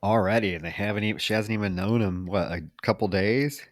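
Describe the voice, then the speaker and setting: A man co-hosting a podcast, retelling a film plot in an animated, profane way with laughter. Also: lowish voice, brisk, no room sound. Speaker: podcast co-host. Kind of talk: casual film discussion.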